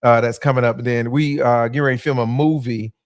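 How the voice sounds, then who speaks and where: A man's voice: mid-range voice, fairly even intonation, fast talker, dry recording, studio quality. A man, a comedian guest chatting casually on a podcast with lots of fillers and jokes. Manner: laid-back, joking, many fillers.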